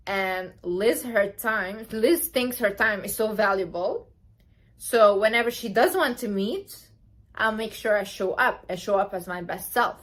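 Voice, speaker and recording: Young woman vlogger, slightly high voice, emphatic and chatty, coaching viewers. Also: normal speed. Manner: emphatic, chatty, full of "like" and "literally". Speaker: vlogger giving confidence advice. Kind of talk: casual advice talk to camera.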